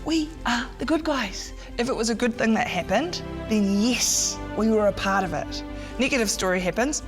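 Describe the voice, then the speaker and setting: A woman's voice: normal speed, over music. A woman, acting out an evasive, flustered minister in a comedy sketch. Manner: evasive, flustered, lively swings in pitch. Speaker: comedian playing a government minister.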